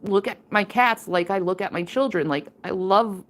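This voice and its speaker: A woman's voice: mid-range voice, normal speed. A woman chatting on a livestream in an earnest, emotional, rambling way. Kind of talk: casual livestream chat.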